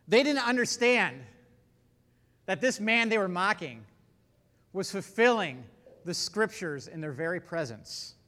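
A man preaching a sermon, reading scripture and explaining it, with earnest emphasis that swings between loud stresses and hushed, low passages. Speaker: pastor. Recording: long hall reverb.

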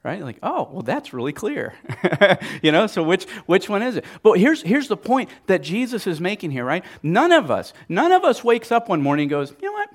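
Lively, chatty male pastor. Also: high-pitched, normal speed. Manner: casual, keeps asking "right?"; lively, animated delivery. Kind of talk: conversational sermon.

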